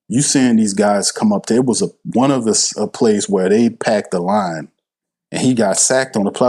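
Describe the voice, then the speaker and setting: Husky, low-voiced, heated man. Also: warm tone. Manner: passionate, blunt, swears freely, talks straight to chat; slangy, repeats himself for emphasis. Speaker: live stream host. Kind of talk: heated live sports commentary.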